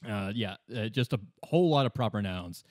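A man's voice: lowish voice, lively intonation, brisk, darkish tone, no room sound, studio quality. A man co-hosting a casual comedic chat, recapping a game plot with sarcasm and frequent laughter. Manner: sarcastic, joking, laughs often, trails off with fillers. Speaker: podcast co-host.

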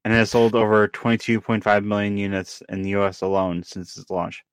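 A man co-hosting a podcast, reading news items in a steady, flat manner with small stumbles. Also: lowish voice, a little fast, clean tone, no room sound, studio quality. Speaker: podcast co-host.

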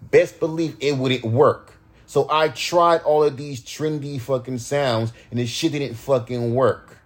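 A man's voice: medium pitch, breathy edge. A man in his thirties, a rapper hosting his own podcast, ranting in casual, heated, profane talk.

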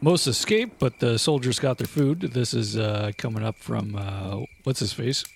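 Guy on a podcast telling old west history, relaxed, lots of uhs, bit of hiss behind. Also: mid-range voice, a little slow, gravelly. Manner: laid-back storytelling with frequent uh fillers. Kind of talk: casual profane history chat.

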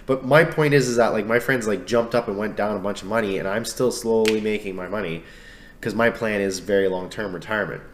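A man, co-hosting a podcast, telling lively stories in casual chat and acting out what friends said. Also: fairly low pitch, brisk, a little hiss or hum. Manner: lively storyteller, acts out friends' lines. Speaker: podcast co-host.

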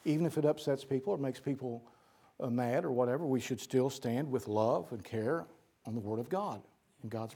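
A man's voice: on the high side, darkish tone, breathy edge. An older man who is a pastor, preaching a sermon to his church in an earnest way, often repeating words as he lists points. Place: church sanctuary.

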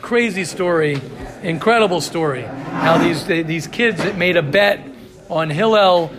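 A man teaching a Talmud class who reads Hebrew lines aloud and then translates them, pausing to reassure his students. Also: a little high, background noise. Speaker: Torah teacher.

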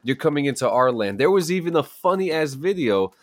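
A man's voice: fairly high pitch, very animated, fairly quick, dry recording. A man co-hosting a podcast, eagerly recounting clips and stories in casual chat. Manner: eager storyteller, relaying clips. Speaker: podcast co-host.

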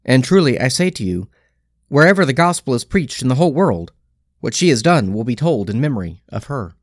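A man reading scripture aloud in a slow, measured liturgical style, pausing phrase by phrase. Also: medium pitch, sing-song, no echo, clean studio sound. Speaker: scripture reader.

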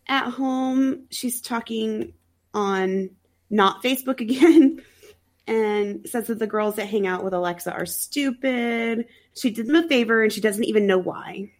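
A woman's voice: a little high, takes it slowly. A woman sounding a little sick, co-hosting a podcast and recapping a movie in wry, chatty talk with frequent laughs. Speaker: podcast co-host. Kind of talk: casual chat recapping a movie.

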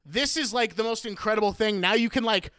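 A young man hosts a casual talk show, animated and laughing as he tells his stories. His voice sits high and clear, and the sound is dry and close. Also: brisk, dry recording. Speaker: podcast host. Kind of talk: casual chat.

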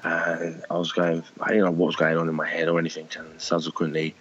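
Blunt bloke, middle-aged, low raspy voice, swears freely, dull lo-fi sound. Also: male voice, completely flat delivery, fast talker, fairly bright tone. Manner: emotional, blunt, swears, calls people mate. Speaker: charity fundraiser guest. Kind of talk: candid interview talk.

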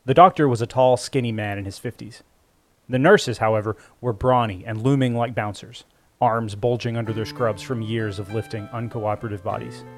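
Man narrating a story over soft music. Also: lowish voice. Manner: measured, even storytelling. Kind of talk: scripted audiobook narration. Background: faint music score.

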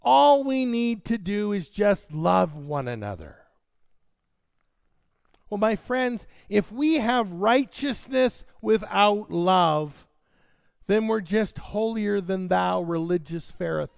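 A man's voice: sits high, expressive, slow, gravelly, smooth, dry recording. A man preaching a sermon, reading scripture dramatically and addressing his congregation directly.

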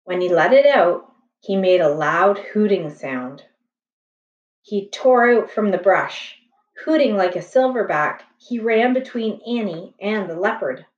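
A woman reading a children's chapter book aloud in a slow, gentle, expressive way. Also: medium pitch. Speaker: storybook reader. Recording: echoey room, distant, slightly dull.

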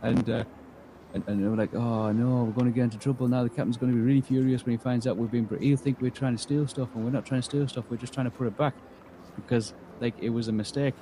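A man's voice: medium pitch, fairly even intonation, fast, mellow, slight background noise, rough recording. A man, game master telling an in-character story in a rambling way, acting out quoted lines. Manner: rambling, full of restarts and acted-out quotes.

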